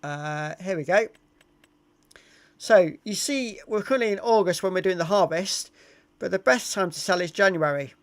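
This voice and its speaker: A man's voice: high voice, normal speed. A middle-aged English man chatting casually on a live stream, reading out viewer comments with frequent ums and uhs. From England.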